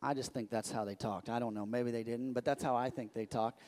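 A man preaching a sermon as pastor, emphatic and repetitive, building to loud declarations. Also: medium pitch, fairly even intonation, a little fast. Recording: echoey hall.

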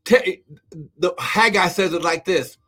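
Over soft background music, a man with a very high, bright, forceful voice preaches to an online audience at a measured pace. Full of fervour, he frequently shouts, repeats "come on now" to spur listeners on, and occasionally speaks in tongues.

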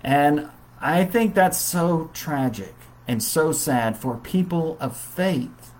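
A man's voice: on the high side, slow pace, poor audio. Man teaching a Bible study. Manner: conversational, warm storytelling with fillers. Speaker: preacher.

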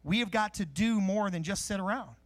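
A man preaching a sermon in a conversational, animated way, teaching from scripture with jokes and asides. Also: high-pitched, brisk. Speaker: pastor. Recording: live-streamed sermon.

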